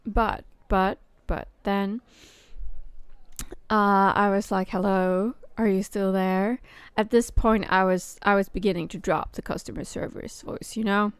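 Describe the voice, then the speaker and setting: A woman telling a work story in casual chat, halting and full of fillers and restarts. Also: mid-range voice, fairly even intonation, clean tone, no echo. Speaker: podcast host.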